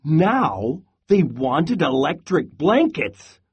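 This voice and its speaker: A man reading a children's picture book aloud as a lesson in an expressive, sing-song way, stopping for comprehension questions. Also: on the high side, drawn-out words, husky, dull audio.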